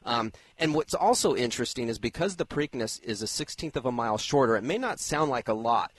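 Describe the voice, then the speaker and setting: A man with a mid-pitched voice explains the racing contenders in a fluent, energetic way. His voice is recorded close and dry. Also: fairly quick, no room sound. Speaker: racing analyst. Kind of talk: horse racing radio talk.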